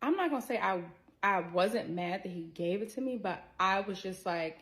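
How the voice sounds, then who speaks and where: A woman telling a personal story in a chatty, expressive way, talking straight to her viewers. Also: mid-range voice, moderate pace. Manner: works in healthcare. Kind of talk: casual story-time monologue.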